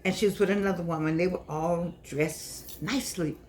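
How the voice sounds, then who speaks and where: A woman's voice: lowish voice, normal speed, slight background noise. Older woman, chatty and scolding. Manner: chatty, scolding, repeats herself, animated rises. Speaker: vlogger and author. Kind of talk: casual monologue to camera.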